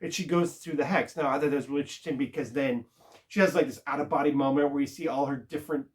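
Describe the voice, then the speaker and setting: A man talks through a TV episode in a loose, casual spoiler recap. He rambles and restarts his sentences, filling the gaps with plenty of ums and uhs. His voice sits at an ordinary middle pitch. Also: fairly even intonation. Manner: rambling, halting, lots of filler words. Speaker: TV show reviewer.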